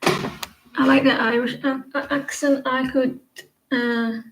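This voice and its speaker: A woman's voice: high voice, flat delivery, slow pace, a bit bright, reverberant, low-quality recording. A woman in her forties giving a casual live-stream tarot reading, rambling and chatty, often restarting her sentences. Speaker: tarot reader.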